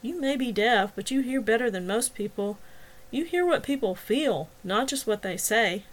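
A woman voicing a kind, steady young firefighter who talks patiently and reassuringly to his friend. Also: extremely high pitch, normal speed, low-quality recording.

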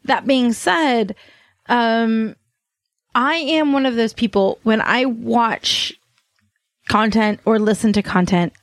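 A woman's voice: fairly high pitch, takes it slowly, no room sound. A woman in casual podcast chat, thinking aloud about her next game character with some hesitation. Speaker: tabletop game player on a podcast.

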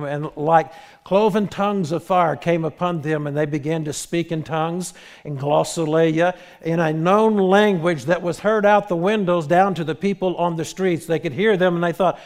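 High-voiced preacher man. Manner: animated, retelling with quoted dialogue and restarts. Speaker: pastor. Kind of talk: sermon.

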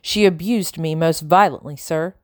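A woman's voice: low-pitched, normal speed, darkish tone, no room sound, studio quality, natural voice. A woman reading the lines of a cold, haughty wealthy lady who speaks in an imperious, cutting way.

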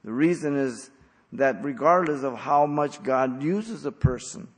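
A man preaching an expository sermon as pastor, blunt and emphatic, with sudden loud stresses. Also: mid-range voice, expressive, a little slow, big-room sound.

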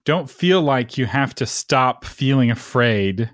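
A man's voice: mid-range voice, expressive, slow pace, dry recording, clean studio sound. A man explaining ideas in a casual faith conversation with a preacher-like manner, often checking in with "right?".

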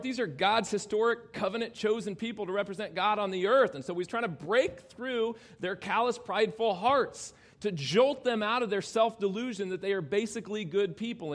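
A male pastor delivering an emphatic sermon in a fairly high voice. He swings from loud, ringing exclamations down to quiet, low asides, and he speaks directly to the children in the congregation now and then.

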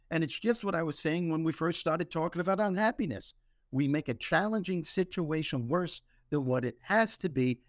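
A man hosting a podcast, telling stories with humor in an animated, motivational way. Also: on the high side, no room sound, studio quality. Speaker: podcast host. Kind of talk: motivational storytelling talk.

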